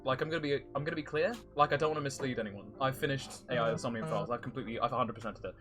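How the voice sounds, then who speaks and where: A man's voice: medium pitch, very fast, a bit bright, faint music behind. A young man hosting a let's play with casual, joking commentary, a little tipsy and rambling. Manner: joking, rambling, says he is drunk.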